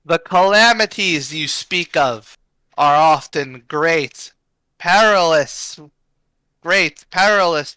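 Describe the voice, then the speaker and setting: A man voicing an ancient talking rock spirit, speaking in slow, grave, cryptic pronouncements. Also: on the high side, sharp tone, no echo, exaggerated voice, low-quality recording.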